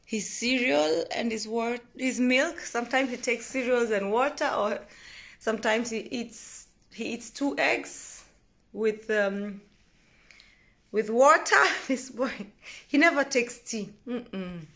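A woman's voice: a little high, takes it slowly. Rambling woman vlogging from home. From Kenya. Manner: rambling, self-correcting, often trailing off softly. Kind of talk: casual vlog chat to camera. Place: at home indoors.

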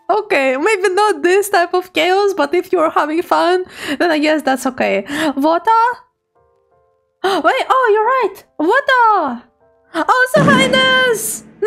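A woman's voice: very high voice, creaky, fairly bright tone. A woman VTuber streamer chatting casually with her viewers, bubbly and giggly, teasing playfully between thank-yous.

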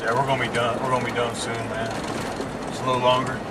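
A man's voice: medium pitch, completely flat delivery, quick pace, recorded from a distance. A man from Mississippi with a Southern accent, chatting casually and laughing often as he hosts a driving vlog. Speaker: vlog host. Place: inside a moving car. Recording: car and road noise. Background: road and car noise.

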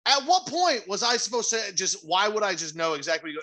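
A man's voice: sits high, very animated, brisk, bright, forceful tone, rough recording. A young man co-hosting a podcast, telling stories animatedly with exasperated, profane asides. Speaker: podcast co-host. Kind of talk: casual podcast banter.

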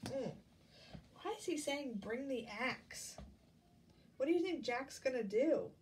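Slow, gentle woman reading a picture book. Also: high voice, animated, slight background noise. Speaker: storyteller reading to children. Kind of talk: picture-book read-aloud with questions. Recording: distant mic, faint ambience.

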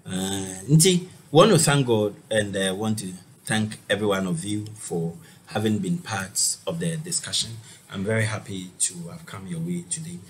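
A man's voice: low-pitched, moderate pace, slight background noise. A man giving a recorded university lecture, talking straight to his students and repeating words for emphasis. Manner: lively, addresses students directly, repeats words.

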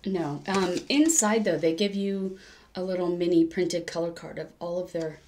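A woman's voice: on the low side, normal speed, a little mellow, a little hiss or hum. A woman chatting casually on her cross-stitch vlog, rambling, correcting herself as she goes and laughing often. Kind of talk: casual crafting vlog chat.

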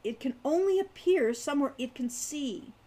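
A woman reading aloud, voicing a calm, decisive companion who reasons things out. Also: high voice, normal speed, voice pushed up.

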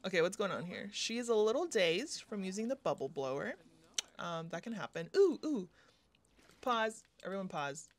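A woman's voice: mid-range voice, expressive, normal speed. A young woman giving casual, chatty commentary on her own game play, often laughing and gasping as she goes. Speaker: gaming youtuber.

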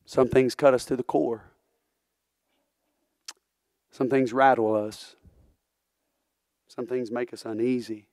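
A man's voice: medium pitch, fairly even intonation, slow pace, pauses often, a little mellow, no echo, studio quality. A male preacher delivering a sermon in church, earnest and full of rhetorical questions, building into fervent preaching. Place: church sanctuary.

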